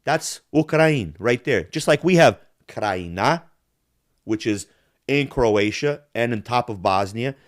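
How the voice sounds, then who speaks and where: Taking his time, a podcast host from the Balkans launches into a profane, heated rant peppered with imitated accents. His lively pitch rises and falls freely, and the sound stays dry, close and echo-free.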